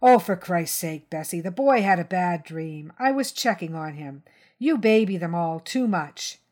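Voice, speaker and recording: A woman's voice: fairly low pitch, expressive, darkish tone. A woman reading the lines of a defensive middle-aged man who insists nothing is wrong. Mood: indignant. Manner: insistent, quick to deny.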